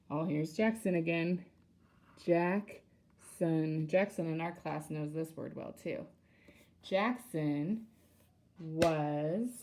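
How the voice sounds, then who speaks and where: A woman's voice: fairly low pitch, noisy background. A woman teacher leading a reading lesson for young children, sounding out words syllable by syllable.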